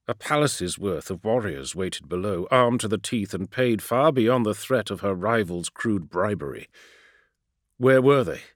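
A man narrating a dark science-fiction story in an expressive, dramatic reading style. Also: fairly low pitch, normal speed, few pauses, no room sound, studio quality. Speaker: audiobook narrator. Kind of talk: scripted narration.

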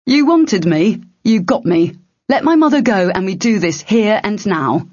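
A woman's voice: medium pitch, animated, unhurried, darkish tone, dry recording, voice pushed up. Woman doing a young man, defiant, wisecracking, raised and pushed, dull lo-fi audio. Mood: angry.

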